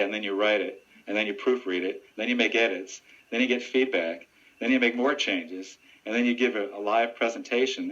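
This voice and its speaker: A man who works as a deputy sheriff and ventriloquist, answering radio interview questions in an earnest, steady and informative way. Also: lowish voice. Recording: dull lo-fi radio audio.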